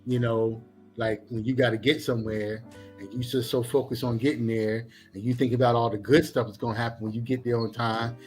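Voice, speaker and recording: A middle-aged man and former police officer, a guest on a talk show, explaining in an animated, preachy way with many examples. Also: medium pitch, a little fast, soft background music. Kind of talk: casual talk show discussion.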